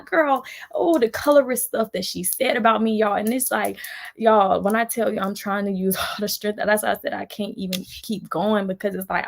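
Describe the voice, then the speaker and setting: Woman, livestream rant, heated venting, gravelly voice. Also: mid-range voice. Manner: heated, fast, repetitive venting with frequent restarts. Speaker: vlogger on a livestream.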